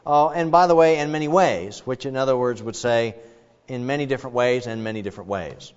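A man's voice: medium pitch, brisk, clean tone. A man giving a sermon, explaining scripture in a conversational way with frequent restarts. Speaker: pastor. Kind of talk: sermon with Bible teaching. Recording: dull sound, long hall reverb.

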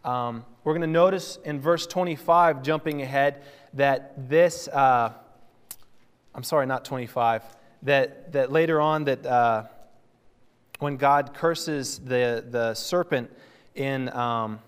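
A man's voice: mid-range voice, takes it slowly, clear, resonant tone. A man teaching a sermon in a conversational, teacherly way, with fillers and self-corrections. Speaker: Bible teacher. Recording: long hall reverb.

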